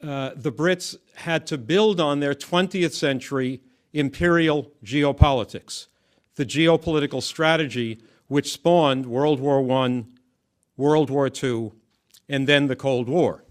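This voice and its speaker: A man giving measured, emphatic political commentary, often restarting his phrases. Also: mid-range voice.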